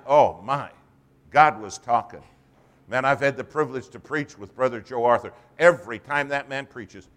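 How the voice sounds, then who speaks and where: A man preaching a sermon and telling a story, his voice swinging from hushed to loud. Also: mid-range voice. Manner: storytelling, animated.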